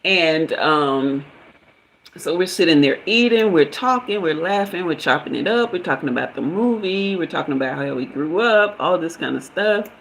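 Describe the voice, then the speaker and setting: A woman hosting a live stream, telling a personal story in a casual, chatty way, with many fillers, talking straight to her viewers and jumping up high when she gets excited. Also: normal speed, a little hiss or hum, low-quality recording. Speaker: livestream host and spiritual reader.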